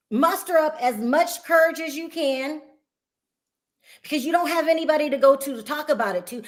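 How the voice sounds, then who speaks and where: A woman hosting a podcast, talking in a blunt, animated way and often laughing as she gossips. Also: high-pitched. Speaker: podcast host. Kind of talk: casual gossip commentary.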